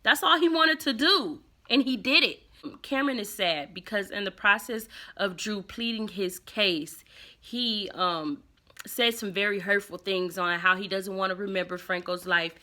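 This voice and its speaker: A woman's voice: mid-range voice, moderate pace, sharp tone. A woman casually recapping and commenting on a soap opera episode, chatty and opinionated, acting out the characters' lines as she goes.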